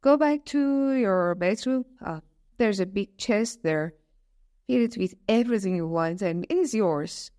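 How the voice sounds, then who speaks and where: A woman's voice: mid-range voice, lively intonation, a little slow, warm tone, lightly acted. A woman voicing a huge, angry male beast in a storybook, stern and scolding. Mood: calmer.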